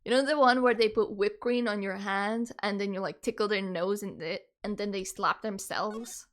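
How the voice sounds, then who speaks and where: A woman's voice: medium pitch, fairly even intonation, normal speed. A woman streaming a game, reading its text aloud and joking with her chat. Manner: chatty, jokey, talks to chat.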